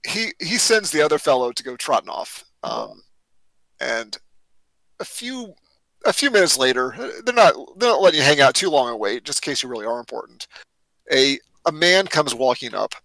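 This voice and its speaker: A man's voice: medium pitch, sing-song, normal speed, creaky, bright, forceful tone, no echo, poor audio. A man narrating as game master in a tabletop role-playing game, often hesitant and restarting his sentences. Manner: hesitant, many fillers and restarts.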